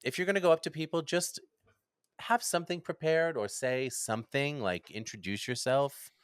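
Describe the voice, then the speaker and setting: A man in casual podcast chat, an animated storyteller who acts out what others said, recorded close in a studio. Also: mid-range voice, moderate pace, clean tone, dry recording.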